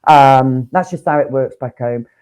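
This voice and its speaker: A woman's voice: rumbling low, measured pace, a little mellow, clear, resonant tone, low-quality recording. Chatty Nottingham woman, full of slang. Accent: Nottingham English. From Nottingham, England. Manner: chatty, swears freely, slips into slang. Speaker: co-host, real estate professional. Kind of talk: casual podcast chat.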